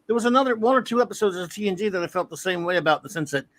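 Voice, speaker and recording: A middle-aged man chatting loosely as a show's host, slightly higher-pitched than most men. He rambles, backs up to fix his words and chuckles along the way. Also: animated, rapid-fire, a bit bright. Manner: rambling, self-correcting, chuckles often. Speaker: podcast host. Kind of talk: casual review chat.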